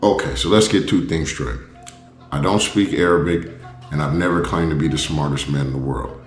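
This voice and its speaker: A travel vlogger tells his story in a blunt, animated, conversational way. His voice sits very low. The sound rings out in an echoey room. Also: moderate pace. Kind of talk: casual storytelling to camera.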